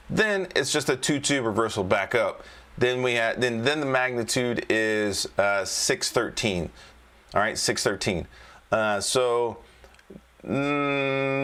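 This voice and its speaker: A man with a mid-range, fairly bright voice coaches viewers on a casual trading livestream. His market commentary is loose and repetitive, and he keeps coaxing the chat to respond with "all right?".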